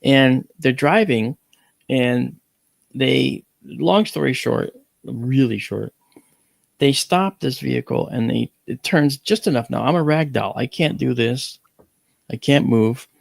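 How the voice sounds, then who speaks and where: Gravelly man telling a dramatic story. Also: slow pace, no room sound. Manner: animated, swings up in pitch for exclamations; blunt, mild cursing. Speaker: guest.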